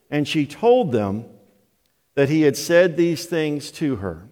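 An older man preaching a sermon as pastor, telling the story slowly and deliberately. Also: a little high, a little mellow. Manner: slow, deliberate storytelling delivery. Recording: long hall reverb of a church.

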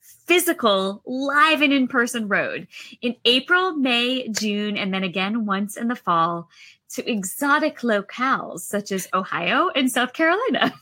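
A woman co-host with a higher, bright voice chats casually on a talk show. Her pitch moves around a lot. She is lively and laughs easily. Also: a little slow. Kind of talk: casual chat.

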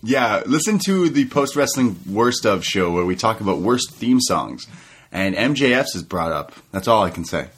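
A man's voice: fairly low pitch, sing-song, normal speed, fairly bright tone, slightly rough. Man, podcast host, casual recap chat, playful asides, frequent laughs. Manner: chatty, laughs often, recounts events with playful asides.

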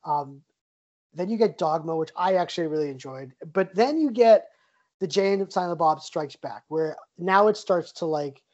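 A man's voice: fairly high pitch, normal speed, darkish tone. A man co-hosting a podcast, telling joking stories in casual chat. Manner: chatty, joking storyteller. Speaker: podcast co-host. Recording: dull lo-fi sound.

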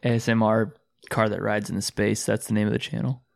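A man's voice: fairly low pitch, flat delivery, brisk, vocal fry. A young man in casual podcast chat, laughing often and swearing while telling stories.

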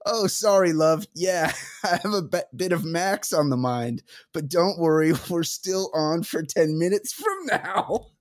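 Man putting on a raised-pitch British racer, vain, hammy, comic. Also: lively intonation, a little slow, dry recording, studio quality. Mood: smug. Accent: put-on British. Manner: hammy, breathy with laughter. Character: vain short male racing driver, lustful.

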